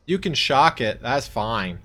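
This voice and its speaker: A man's voice: medium pitch, sing-song, slow pace, sharp tone, faint music behind. Chatty man narrating his card game. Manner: chatty, talks to his opponent, mock-exasperated outbursts. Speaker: streamer playing a card game. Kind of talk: casual gameplay commentary.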